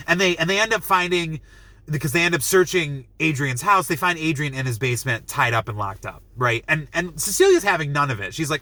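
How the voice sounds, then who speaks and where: A young man reviewing a film, retelling the plot in an excited, rambling way full of "like" and acting out lines. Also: on the high side, brisk, dry recording. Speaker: movie reviewer. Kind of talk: enthusiastic movie review.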